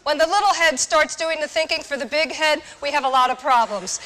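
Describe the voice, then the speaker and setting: A woman gives a lively talk to students, high and bright in tone. She speaks directly and puts questions to her listeners. The echo of a large hall hangs behind her voice. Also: a little fast. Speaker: speaker on alcohol awareness. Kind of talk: live talk to college students. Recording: echoey hall.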